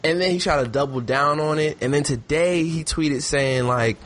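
A man co-hosting a casual podcast, telling a story in a relaxed way and reading a post aloud. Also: fairly high pitch, moderate pace, few pauses, noisy background. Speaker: podcast co-host.

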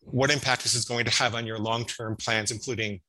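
A man's voice: medium pitch, fairly even intonation, a little fast, bright, forceful tone, poor audio. A man in his fifties, a psychologist guest explaining and telling stories in a conversational interview, often restarting his words. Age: 50s. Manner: explanatory storytelling with frequent restarts.

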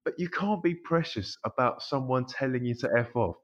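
A man co-hosting a casual football podcast, talking in a halting way with many ums. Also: mid-range voice. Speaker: podcast co-host. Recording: dull lo-fi sound.

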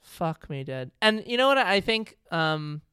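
A man's voice: sits high, a little slow, clear, resonant tone, no room sound, studio quality. A man co-hosting a podcast, telling a funny story in casual chat and acting out the people in it. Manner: animated storyteller, laughs often, acts out quotes. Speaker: podcast co-host.

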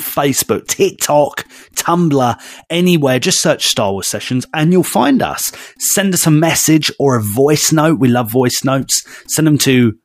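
A man's voice: medium pitch, dry recording. A man co-hosting a casual podcast, cheerful and jokey, laughing a lot. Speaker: podcast co-host.

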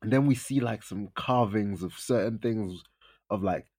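A man's voice: lowish voice, normal speed, a little mellow, husky. A young man, casually telling a story on a podcast and acting out his friends' lines in raised voices. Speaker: podcast host.

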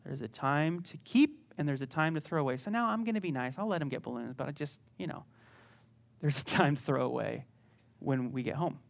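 A man's voice: a little high, lively intonation, brisk, gravelly. A middle-aged male pastor preaching a sermon in a conversational, joking storytelling manner that builds to emphatic peaks.

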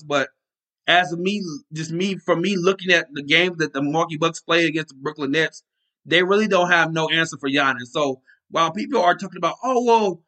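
Male podcast host, casual sports monologue, bright tense tone, slightly high, rambling delivery. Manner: rambling, loose and conversational, searching aloud for names.

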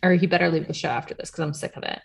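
A woman's voice: sits low, racing, vocal fry, breathy edge. A young adult woman co-hosting a podcast in casual chat, sarcastic, laughing often and swearing freely. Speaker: podcast co-host.

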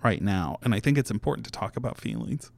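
A man's voice: fairly low pitch, animated, fast, creaky, darkish tone, no echo. Dry-voiced man joking dramatically. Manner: dramatic, mock-wounded. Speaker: podcast co-host. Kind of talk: casual banter.

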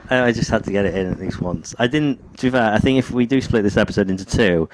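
A man's voice: on the low side, fast talker, dry recording. A young man co-hosting a podcast in casual chat, with dry, wry, brief replies. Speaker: podcast co-host.

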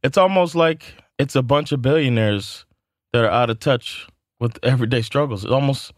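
A man's voice: medium pitch, moderate pace, no echo, studio quality. A man co-hosting a casual talk show, blunt and frank, laughing often and swearing freely. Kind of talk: casual chat.

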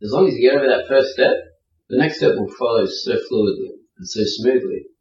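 A man telling travel stories in a casual interview, acting out quotes with animated voices. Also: medium pitch, brisk, faint music behind. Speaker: podcast guest, traveler. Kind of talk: casual storytelling. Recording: roomy, distant, dull sound.

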